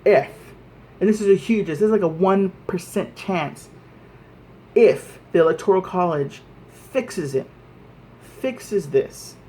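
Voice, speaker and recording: A man's voice: high voice, slow, dark tone. A man vlogging an angry, profane rant to camera, repeating himself as he presses his points.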